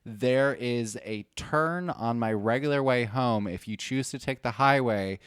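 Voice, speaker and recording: A man co-hosting a podcast in casual chat, measured and deliberate as he explains things. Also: medium pitch, clean tone, no echo, studio quality.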